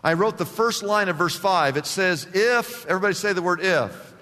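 A man pastor preaching a sermon emphatically, with big swings in pitch and loudness, in a church. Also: moderate pace, in a large hall.

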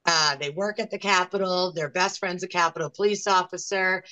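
A woman's voice: on the low side, fairly even intonation, moderate pace, bright, forceful tone, low-quality recording. A young woman giving an interview, telling her story in an earnest, aggrieved way. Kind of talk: casual interview.

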